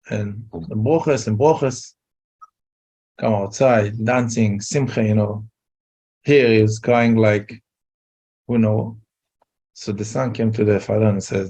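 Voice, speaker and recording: A man telling a Torah story in a casual talk, halting and repeating words. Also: on the low side, fairly even intonation, mellow. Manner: halting, repeats words, Yiddish-laced English. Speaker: rabbi giving a talk.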